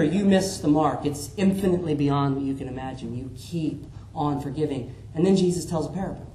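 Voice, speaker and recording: A man preaching a sermon, animated, acting out the Bible figures in different voices. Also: fairly high pitch, slight background noise. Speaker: pastor. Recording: echoey room with faint ambience.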